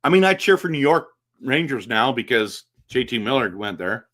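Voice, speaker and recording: A man with a bright, forward voice hosts a relaxed live stream. He answers chat comments one after another, animated and chatty, and often restarts his sentences. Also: medium pitch, moderate pace. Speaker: livestream host reading chat.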